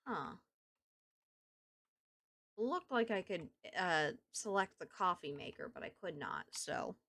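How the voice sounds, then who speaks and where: Lively Southern-accented woman streamer. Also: fairly low pitch, slow pace. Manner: chatty, thinks aloud and talks to chat. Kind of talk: casual gameplay chat with viewers.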